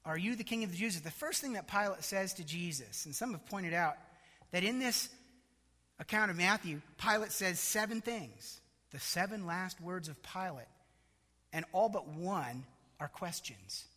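Man preaching with a bright high voice. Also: lively intonation, moderate pace, long reverb tail. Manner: dramatic, voices mocking asides. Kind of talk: sermon.

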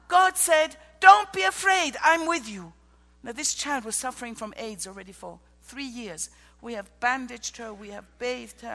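A woman missionary gives a sermon in a high voice. Her heartfelt stories move between hushed tones and ringing exclamations. The sound is bright, and it trails into the long reverb of a large hall. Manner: emotional storytelling, swinging from hushed to ringing exclamations. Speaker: missionary preacher.

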